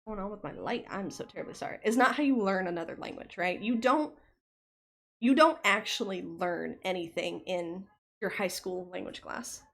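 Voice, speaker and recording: A young American woman with a soft Southern accent, chatting casually with her stream viewers. She rambles and often pauses on fillers. Her voice sits at an ordinary mid pitch. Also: vocal fry. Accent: light Southern US. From United States. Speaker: livestreamer.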